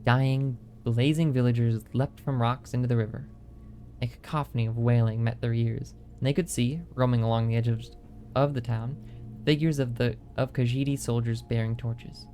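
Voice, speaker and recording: A man's voice: medium pitch, fairly even intonation, normal speed, mellow, a little hiss or hum. Man reading a game book aloud, stumbling. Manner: reads with small slips and self-corrections, mutters asides.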